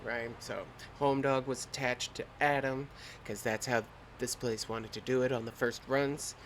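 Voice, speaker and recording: A man's voice: mid-range voice, a little slow, slight background noise. Slangy young man telling a story. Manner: animated, slangy and profane. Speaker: podcast host. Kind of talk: casual storytelling.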